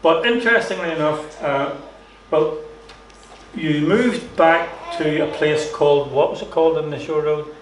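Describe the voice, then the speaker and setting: A man's voice: on the high side, a little slow, a little hiss or hum. A man with a Northern Irish accent interviewing a guest in a gospel hall, prompting with friendly questions and many fillers. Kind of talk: conversational interview. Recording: echoey hall, mic at a distance.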